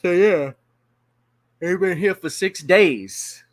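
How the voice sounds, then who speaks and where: A man's voice: sits high, dry recording. A man from Louisiana, giving blunt, profane casual commentary on a news story. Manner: blunt, profane, drawn-out emphasis.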